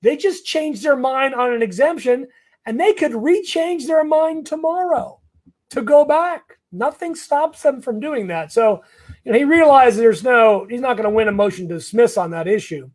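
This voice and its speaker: A man's voice: extremely high pitch, moderate pace, darkish tone. A man working as an immigration lawyer, answering viewer comments in a live Q&A in a blunt, conversational way with lots of fillers and restarts.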